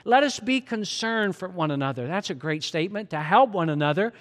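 A male pastor delivers an earnest, conversational sermon, asking his listeners question after question. His voice sits fairly high for a man. The sound carries a long reverb from a large church sanctuary. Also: expressive, fairly quick, a bit bright.

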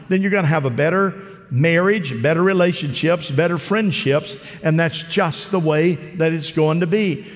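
Male pastor, somewhat higher voice, folksy preaching, lingering hall reverb. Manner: conversational preaching, acts out parable voices. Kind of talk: sermon. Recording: long reverb of a large hall.

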